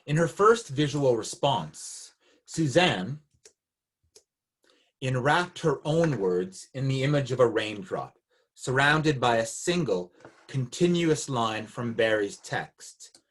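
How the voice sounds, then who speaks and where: Husky man reading a measured academic talk. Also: mid-range voice, animated. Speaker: academic speaker. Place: Canada.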